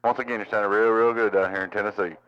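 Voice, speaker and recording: A man's voice: fairly low pitch, steady tone, fast. A man, a CB radio operator greeting callers with call signs and holiday wishes. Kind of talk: radio chat. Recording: lo-fi CB radio audio.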